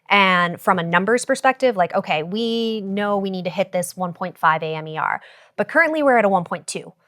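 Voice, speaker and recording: A woman guest on a podcast, explaining ad and growth strategy in a brisk, jargon-heavy way with frequent fillers. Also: mid-range voice, a bit bright. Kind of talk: casual podcast interview.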